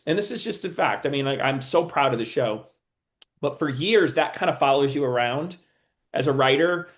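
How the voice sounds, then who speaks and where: A man being interviewed as a TV writer and producer, talking casually and often stopping and restarting while he thinks. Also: medium pitch.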